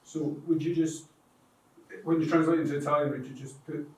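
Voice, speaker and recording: A man's voice: on the high side, level tone, fairly quick, a little mellow. A man in the audience politely asks a question at a public talk. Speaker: audience member. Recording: echoey room, distant mic, faint noise.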